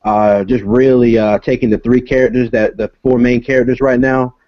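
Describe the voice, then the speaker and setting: A man, a comic creator and guest, explaining casually over a video call, halting with many filler sounds. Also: mid-range voice, little pitch movement, no echo. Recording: dull lo-fi call audio.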